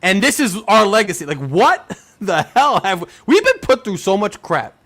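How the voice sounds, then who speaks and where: A young man hosts a casual sports talk show, venting in a loose, excitable fan rant. His voice sits high and leaps all over the place. He fills his talk with "like" and asks one exasperated question after another. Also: moderate pace. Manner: animated, ranting, rhetorical questions, says "like" a lot. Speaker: podcast host.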